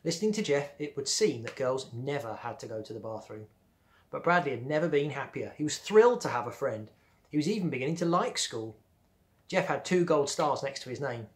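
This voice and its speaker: A male primary teacher slowly reading a children's novel aloud, with friendly asides to his pupils. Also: mid-range voice, expressive. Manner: slow, clear storytelling with friendly asides. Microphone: home or classroom video recording.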